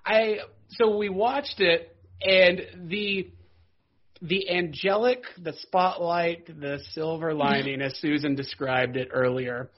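A man's voice: on the high side, steady tone, slow pace, lo-fi sound. A man hosting a podcast, enthusiastic and rambling, laughing readily. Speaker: podcast host. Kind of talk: casual podcast interview.

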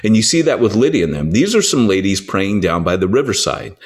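Lively low-voiced man telling stories. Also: brisk, husky. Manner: animated storyteller, acts out quoted voices, frequent restarts. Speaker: church planting author and guest. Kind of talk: conversational teaching.

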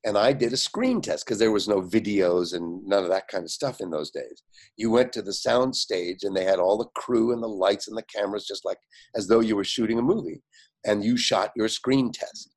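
An older man with a low, gravelly, somewhat husky voice tells stories at length. He brings the people in his stories to life by voicing their lines, and scatters fillers and laughs through his speech. He comes across as a lively, animated storyteller. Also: fairly quick. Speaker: guest. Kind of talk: anecdotal storytelling.

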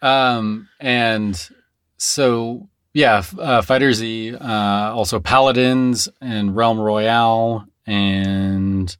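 Man, low voice, easygoing halting talk, dry studio mic. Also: clean tone, no echo. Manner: relaxed, halting, many fillers. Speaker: game localization producer. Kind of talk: casual podcast chat. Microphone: close studio mic.

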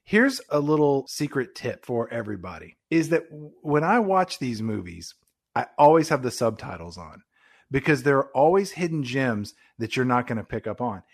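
A man's voice: medium pitch, big pitch swings, normal speed. A man co-hosting a casual film review chat, joking and laughing often as he talks. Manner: jokey, laughs often while talking. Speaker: podcast co-host reviewing a film.

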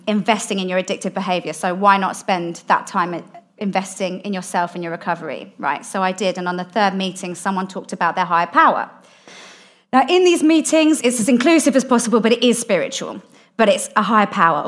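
A young woman, a guest in an interview, candidly telling a personal story in casual, animated storytelling with frequent laughs. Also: mid-range voice. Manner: candid, animated, laughs often, drops softer in heartfelt parts.

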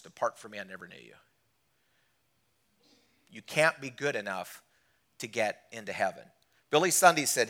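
Emphatic male preacher, loud then hushed. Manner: swings from loud emphatic lines to quiet low drops; asks the congregation direct questions. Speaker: guest preacher. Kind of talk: sermon. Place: church service.

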